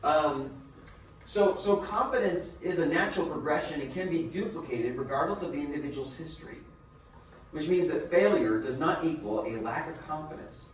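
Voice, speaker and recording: A man giving a motivational seminar as a business coach, a lively storyteller who asks his listeners rhetorical questions. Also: fairly high pitch, normal speed. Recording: very echoey room, mic far off, faint noise.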